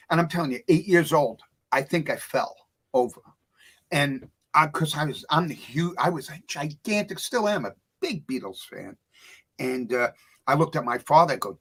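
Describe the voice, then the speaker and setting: A middle-aged man, a guest on a talk show, telling a story with lively voices for the people in it. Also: moderate pace, breathy edge. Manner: acts out voices in his stories, big swings in pitch and loudness. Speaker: author and music producer guest.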